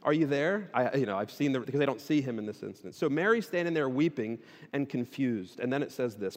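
A man preaching a sermon, casual at first and then animated, building to loud emphatic peaks. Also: mid-range voice, a little fast, few pauses. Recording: long reverb of a hall.

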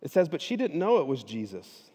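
Animated preacher man in a reverberant hall. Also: a little high, brisk, husky. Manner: animated, builds to loud emphatic peaks. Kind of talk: sermon.

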